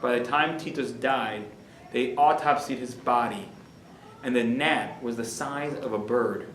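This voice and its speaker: A man's voice: mid-range voice, measured pace, fairly bright tone, a little hiss or hum. A man, a rabbi, delivering a dramatic storytelling lecture in a lecture hall. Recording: roomy hall echo.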